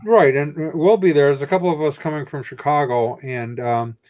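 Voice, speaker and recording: A man hosting a casual chat, often halting and repeating words as he starts a thought. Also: fairly high pitch, darkish tone. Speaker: host.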